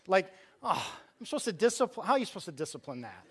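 A man's voice: sits high, very animated, fast, hardly any pauses. A middle-aged man preaching a conversational sermon in a church, arguing with rhetorical questions and often restarting his sentences. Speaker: church outreach director preaching.

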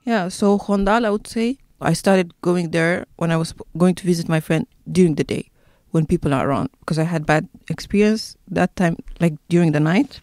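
A woman's voice: lowish voice, normal speed, hardly any pauses, a little mellow, dry recording, studio quality. A woman recounting her experiences in a casual interview, talking loosely with many fillers. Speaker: interviewee, city resident.

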